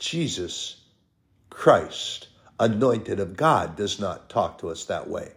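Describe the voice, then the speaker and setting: A man preaching a sermon, stressing points with repeated lists and drawn-out words. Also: low-pitched, lively intonation, fairly bright tone.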